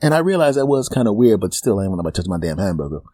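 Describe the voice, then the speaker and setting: A man with a husky, mellow voice pitched a little high tells a funny story straight into a dry, close mic. He swings between lively bursts and low, deadpan asides, acting out other people's lines as he goes. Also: very fast, no room sound. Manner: animated, drops low for asides, acts out quotes. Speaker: comedian and podcast host. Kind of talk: comic storytelling monologue.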